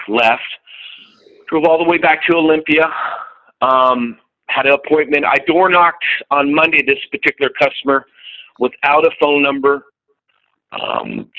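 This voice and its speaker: In a muffled recording, a middle-aged insurance salesman with a medium-pitched voice tells a group about his sales calls. He's candid and profane, acting out both sides of each conversation as he tells the story.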